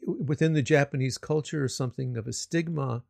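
A man's voice: mid-range voice, brisk, gravelly, darkish tone, no room sound, clean studio sound. A man chatting casually, telling a rambling anecdote with restarts and chuckles. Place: living in Japan.

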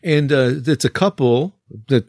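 A man's voice: medium pitch, a little slow, a little mellow, no room sound, studio quality. A man who teaches English, chatting casually and rambling with fillers and restarts. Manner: rambling, many fillers and restarts, laughs often. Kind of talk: casual podcast chat.

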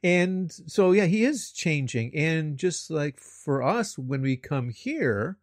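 A man's voice: a little high, expressive, takes it slowly, no room sound, clean studio sound. A man chatting casually, telling a rambling anecdote with restarts and chuckles. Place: living in Japan.

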